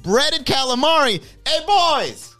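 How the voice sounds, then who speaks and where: A man voicing a brash, greedy pelican that spots food and shouts to its buddies. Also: very high voice, sing-song, takes it slowly, soft background music, voice pushed up, exaggerated voice. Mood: greedy excited. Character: brash loud male Miami pelican.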